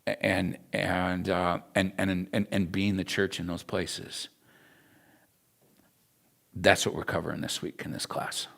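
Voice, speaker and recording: A man's voice: low-pitched, level tone, unhurried, vocal fry, long pauses, fairly bright tone. A man, teaching a Bible school class through an earnest, emotional personal story.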